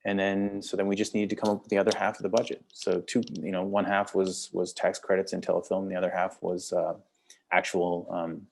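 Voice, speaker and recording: Talking fairly quickly in a flat delivery, this Canadian film director has a deep, creaky, somewhat mellow voice, with a little hiss or hum in the recording. He rambles casually in an interview, repeating words and laughing between thoughts.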